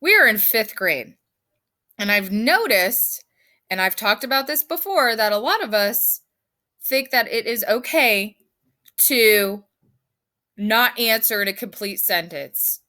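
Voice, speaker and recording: A woman's voice: fairly high pitch, lively intonation, takes it slowly, sharp tone. A woman teaching her fifth grade class in a recorded lesson, firm and emphatic as she explains step by step.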